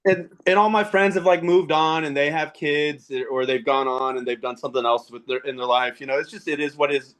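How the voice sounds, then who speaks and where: A man's voice: on the high side, steady tone, brisk, hardly any pauses, fairly bright tone, smooth. A man in his thirties, a podcast guest, telling casual stories about fatherhood and gaming, laughing often as he talks. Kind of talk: casual storytelling.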